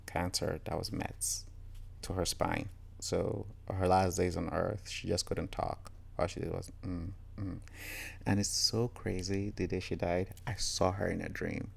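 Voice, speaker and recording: A man's voice: low voice, creaky, darkish tone. A man telling reflective personal stories candidly and earnestly, often quoting what others said to him. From Nigeria. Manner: candid, earnest, quotes others in reported speech. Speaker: storyteller.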